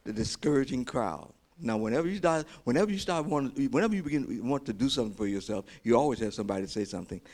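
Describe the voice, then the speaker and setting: A man preaching a sermon as pastor, repeating short exhortations and building into loud, excited storytelling. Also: mid-range voice, fast talker, hardly any pauses. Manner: emphatic, repeats key phrases as exhortation.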